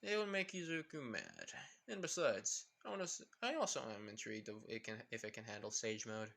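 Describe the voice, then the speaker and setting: A cool teenage boy ninja, as a man puts him on, speaking in a dry, teasing way. The voice stays bright and lively in pitch. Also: a little fast, vocal fry, exaggerated voice.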